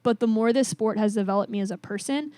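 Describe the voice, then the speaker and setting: Woman coach, podcast guest, fairly high voice, dry close sound, lively storytelling. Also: fast talker, smooth, no echo. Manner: animated, acts out both sides of remembered conversations, swears casually. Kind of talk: casual interview storytelling.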